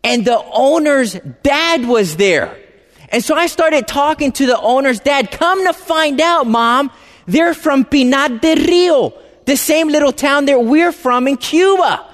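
A man telling a personal story to an audience in an animated, halting way, often repeating words as he starts a phrase. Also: extremely high pitch. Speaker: speaker addressing an audience. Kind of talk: storytelling talk. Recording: reverberant hall.

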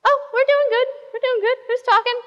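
A woman's voice: very high voice, fairly even intonation, fairly quick, muffled recording, voice pushed up. A woman pastor voicing a flustered young woman who protests anxiously in a raised voice. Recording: reverberant hall.

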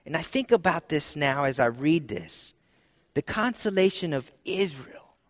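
A man preaching a sermon as pastor, conversational, dropping soft and low for emphasis. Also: very animated, a little slow. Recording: long hall reverb.

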